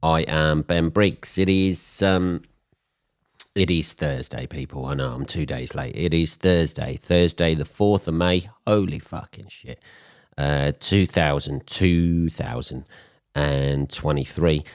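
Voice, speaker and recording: A man in his forties, hoarse from a cold, hosting a podcast in a blunt, swearing, rambling monologue. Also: very deep voice, slow, dry recording, clean studio sound. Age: 40s. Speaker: podcast host. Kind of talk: casual solo podcast monologue.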